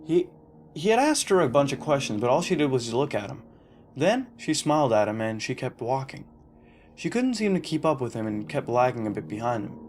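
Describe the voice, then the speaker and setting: A man's voice: mid-range voice, big pitch swings, brisk. A man reading a first-person horror story aloud in a casual, profane way, with fillers and restarts. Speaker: narrator. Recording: narration over music.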